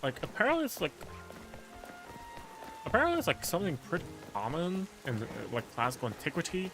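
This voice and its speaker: A man's voice: fairly high pitch, wildly swooping pitch, brisk. Rambling male game streamer over music. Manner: rambling, heavy on filler words, musing aloud. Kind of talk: casual rambling chat during a game stream.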